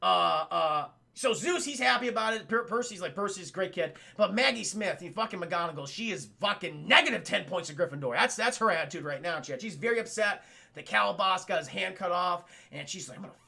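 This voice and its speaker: A man's voice: sits high, animated, brisk, creaky, sharp tone. A man streaming live, casually recapping a film scene by scene, swearing freely and rambling to his chat. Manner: profane, rambling, talks to chat.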